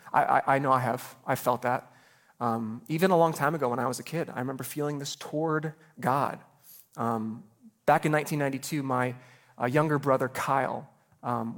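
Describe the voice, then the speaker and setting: A man in his thirties preaching a sermon as a pastor, earnest and personal, often repeating words as he starts a phrase. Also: mid-range voice. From Chicago area.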